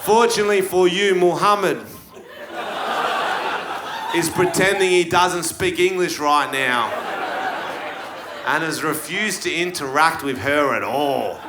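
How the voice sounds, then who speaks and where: Stand-up, high unhurried voice, live in an echoey room with a loud crowd. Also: male voice, background noise. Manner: quiz-show delivery, bursts into shouting. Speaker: stand-up comedian. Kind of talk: stand-up comedy routine. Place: live comedy venue. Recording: roomy live venue with crowd. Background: audience laughter.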